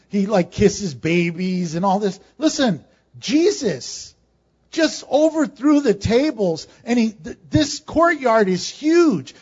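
A man preaching a sermon, swinging from emphatic, rising peaks to quiet, joking asides. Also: high voice. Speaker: pastor. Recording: dull lo-fi sound.

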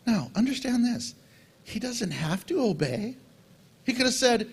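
A middle-aged man preaching a sermon as pastor, animated and acting out little dialogues with God. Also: high-pitched, a little slow, pauses often, slightly rough.

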